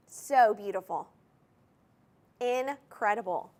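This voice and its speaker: Speaking unhurriedly with lively intonation, a woman with a fairly high, somewhat bright voice sells jewelry on a live studio shopping broadcast. She addresses viewers head-on with gushing enthusiasm, restating item numbers and key lines for emphasis.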